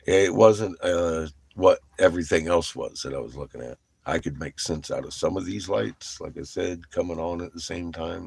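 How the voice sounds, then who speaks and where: Deep husky man swearing and laughing. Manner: laughs often, swears freely, rambling. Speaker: vlogger. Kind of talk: casual storytelling.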